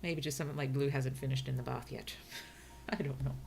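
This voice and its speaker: A woman's voice: a bass voice, fairly even intonation, fairly quick, gravelly, noisy background. A woman with an Australian accent chatting casually on a livestream, musing aloud and laughing often. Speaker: streamer and writer.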